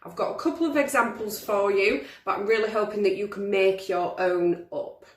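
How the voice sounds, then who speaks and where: A woman's voice: medium pitch, moderate pace, distant mic. A young woman teaching a drama lesson to pupils on video, encouraging them and demonstrating different voices. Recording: roomy, from the mic.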